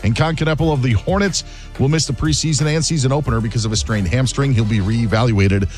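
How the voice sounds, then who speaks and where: A man delivering a sports news update in a quick, clipped news style. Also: mid-range voice, a little mellow, faint music behind. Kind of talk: brisk sports news read.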